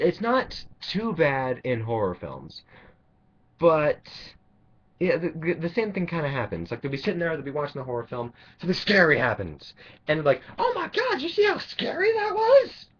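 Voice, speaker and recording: A man delivering an angry, sarcastic, profanity-laced rant to camera, rambling with restarts. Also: mid-range voice. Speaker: vlogger. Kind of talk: ranting monologue. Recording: dull lo-fi recording.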